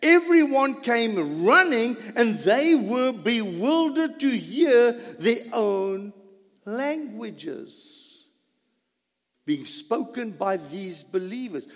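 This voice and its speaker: A man preaching a sermon, animated, with sudden loud bursts and low asides. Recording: reverberant hall.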